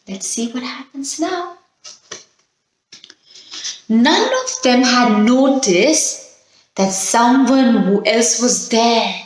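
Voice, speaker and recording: Slow gentle woman teacher, echoey room. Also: on the high side. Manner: slow, gentle, coaxing, asks children questions. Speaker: children's teacher. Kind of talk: storytime and calming exercise for young children.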